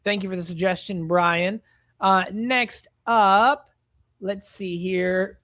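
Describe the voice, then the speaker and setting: Young male streamer, high voice, dry close sound, laid-back host reading chat and polls. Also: slow, no echo. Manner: relaxed, reads chat and polls aloud, retells comedy sketches. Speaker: co-host of a movie reaction stream. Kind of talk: casual live-stream chat.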